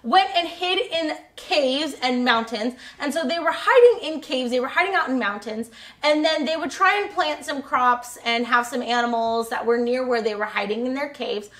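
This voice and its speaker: A woman's voice: high voice, moderate pace, a bit bright. A woman retelling a Bible story for children in a casual, rambling way, with lots of fillers and self-corrections.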